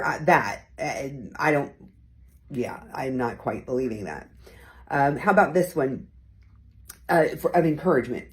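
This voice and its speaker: A very animated woman with a fairly low, darkish voice and a breathy edge talks at normal speed. She's the host and communication coach of a weekly talk on tone of voice, encouraging and conversational, voicing example tones as she goes.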